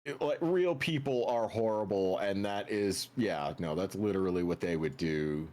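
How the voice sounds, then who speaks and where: A man's voice: on the low side, moderate pace, a little mellow. A young man co-hosting a game stream, trading jokes and wisecracks in casual banter. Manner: wisecracking, jokey. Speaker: co-host of a let's play stream.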